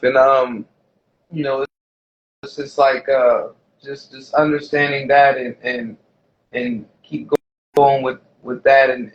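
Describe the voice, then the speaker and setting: A man's voice: medium pitch, highs cut off. A man co-hosting a podcast in casual chat, rambling and often restarting, with "you know what I mean" fillers. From USA. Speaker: podcast co-host.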